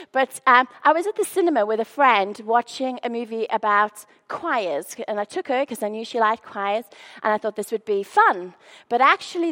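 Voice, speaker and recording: A woman with a high voice delivers a sermon as a personal story. She is animated and pokes fun at herself, acting out the moments she describes. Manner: animated, self-deprecating humor, acts out scenes. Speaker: speaker sharing faith stories.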